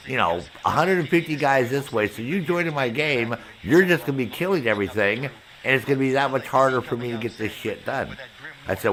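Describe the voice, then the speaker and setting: A male gaming streamer venting to his chat in a loose, profane rant. He acts out both sides of an argument as he tells the story, and his voice sits at an ordinary middle pitch for a man. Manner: heavy cursing, animated storytelling with quoted back-and-forth.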